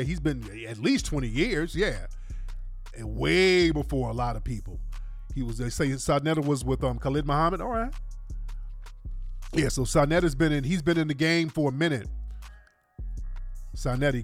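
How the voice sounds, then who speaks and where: A man hosting a casual livestream, talking in animated, slangy street talk to his viewers. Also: on the high side. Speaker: livestream host.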